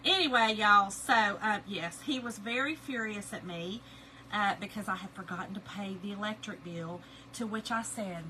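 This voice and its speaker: A woman's voice: medium pitch, normal speed, sharp tone, slight background noise, low-quality recording. A middle-aged woman, chatting and laughing with viewers as she crafts on a livestream. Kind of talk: casual chat while crafting live.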